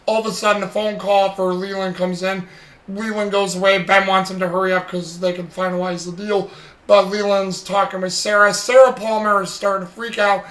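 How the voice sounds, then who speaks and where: A man with a high, level voice talks a little fast, his tone fairly bright, in an echoey room on a rough recording. He's co-hosting a casual chat podcast and recapping a TV episode in a rambling way, acting out quoted lines and leaning on frequent fillers.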